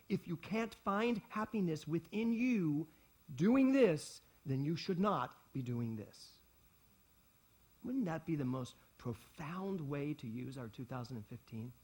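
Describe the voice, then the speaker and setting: Animated, husky-voiced male pastor. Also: a little high. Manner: animated, repeats key lines for emphasis, playful asides. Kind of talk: sermon. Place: spiritual center service hall with congregation.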